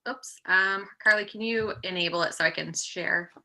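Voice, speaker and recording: Low-ish very bright woman on a zoom call, 30s, kinda out of breath, chatty with lots of ums. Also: moderate pace. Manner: chatty, upbeat, frequent ums and laughs. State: slightly out of breath from pregnancy. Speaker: guest presenter, project manager. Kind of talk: casual webinar presentation. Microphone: computer mic on a video call.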